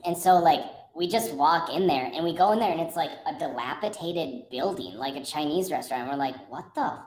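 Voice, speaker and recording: A woman with a slightly low voice tells a rambling story in casual chat, breaking into laughter and acting out what other people said. The room has a roomy echo. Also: a little fast. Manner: animated, laughs often, acts out other people's lines. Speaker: podcast co-host telling a story.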